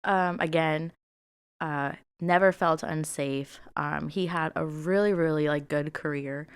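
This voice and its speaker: A young woman with a low, smooth voice co-hosts a casual podcast. She talks openly and emotionally, full of fillers and restarts. Her voice is recorded close and dry. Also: fairly even intonation, measured pace, no room sound. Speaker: podcast co-host.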